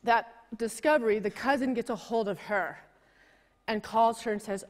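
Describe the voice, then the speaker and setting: A woman preaching from the pulpit, her voice a little higher than most. She tells a story with rising passion and then drops to quiet, intimate tones. Her words carry a long reverb through a church hall. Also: moderate pace. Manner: emotional, building to high intensity and dropping to hushed tones. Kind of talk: sermon storytelling.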